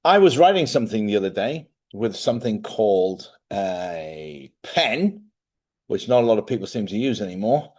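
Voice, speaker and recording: A man hosting a live stream, chatting casually and rambling as he thinks out loud. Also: fairly low pitch, sing-song, moderate pace. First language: English.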